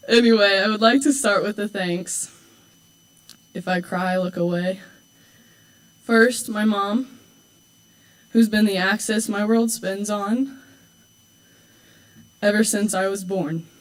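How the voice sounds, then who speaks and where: A girl in her late teens, a homecoming court candidate, gives a prepared speech indoors at a school event, heartfelt and warm but with teasing, dry asides. Her mid-range voice stays fairly even, slow and full of pauses, on a rough recording.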